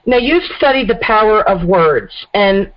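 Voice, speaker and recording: A middle-aged woman hosting a radio talk show, telling a story in a casual, animated way. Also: mid-range voice, unhurried. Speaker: host. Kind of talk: casual chat. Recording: dull lo-fi radio audio.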